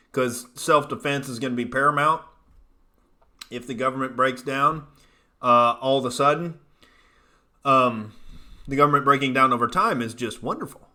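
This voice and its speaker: Bright-voiced, profane comedian ranting. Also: male voice, medium pitch. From United States. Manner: profane, rambling, jokey rants. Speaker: comedian host reading chat comments. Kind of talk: casual live-stream commentary.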